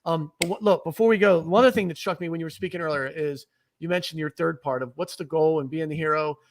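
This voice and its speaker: Enthusiastic high-voiced host, off-mic. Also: male voice, quick pace, recorded from a distance. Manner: enthusiastic, rambling, repeats himself. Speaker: podcast host. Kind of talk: casual interview chat.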